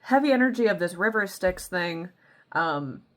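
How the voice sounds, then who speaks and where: A woman's voice: fairly low pitch, animated, normal speed. A woman giving a casual tarot and crystal reading in a playful, chatty way, calling her listeners baby. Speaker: tarot reader.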